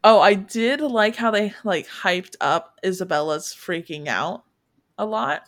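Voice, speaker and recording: A woman's voice: medium pitch, expressive, measured pace, a bit bright, no echo, clean studio sound. A young woman chatting casually as a podcast co-host, trailing off with fillers. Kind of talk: casual chat.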